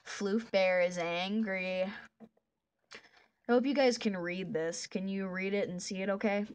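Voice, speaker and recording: A woman's voice: medium pitch, steady tone, slow pace. A woman chatting casually while drawing a comic, rambling and often restarting her sentences. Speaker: artist drawing a fan comic.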